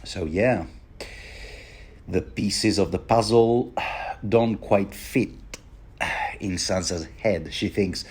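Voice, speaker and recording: A man with a fairly low voice talks through a book chapter in a rambling, conversational commentary. He is wry and chatty, often tripping over words and restarting his sentences as he thinks aloud. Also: slow, pauses often, darkish tone, husky. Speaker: podcast host.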